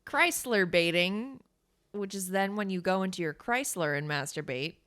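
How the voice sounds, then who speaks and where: A woman's voice: medium pitch, lively intonation, moderate pace, a bit bright, smooth. A young woman co-hosting a podcast, telling a bar story in casual chat, swearing and acting out quotes. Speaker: podcast co-host.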